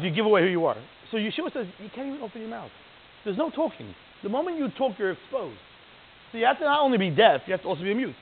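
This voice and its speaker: A man giving a lively, digressive lecture as a religious teacher, often checking in with "right?". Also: high-pitched. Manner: animated, digressive, keeps asking "right?". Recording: tinny phone-like line.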